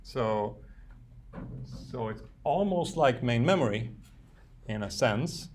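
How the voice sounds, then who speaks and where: A man's voice: mid-range voice, expressive, slow pace, a little mellow. A man giving a university lecture, thinking aloud with frequent fillers and restarts. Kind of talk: classroom lecture. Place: lecture room.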